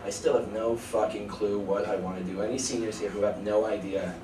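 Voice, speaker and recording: A man's voice: lowish voice, fairly even intonation, a little fast. A young man in his early twenties doing a rambling stand-up set at a college show, laughing at his own jokes. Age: early 20s. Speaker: stand-up comedian. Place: college comedy show before a live audience. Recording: echoey room, far from mic, noisy.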